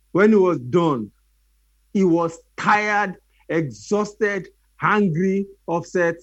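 High-voiced animated preacher man. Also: dry recording, lo-fi sound. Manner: animated storytelling with acted voices. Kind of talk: sermon.

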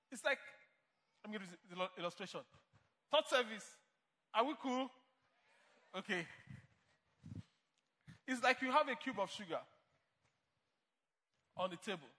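A man's voice: high-pitched, expressive, normal speed, pauses often, pushed and bright, big-room sound. A man preaching a sermon as pastor to a church congregation, emphatic and playing out imagined replies. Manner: emphatic preaching, mock dialogue.

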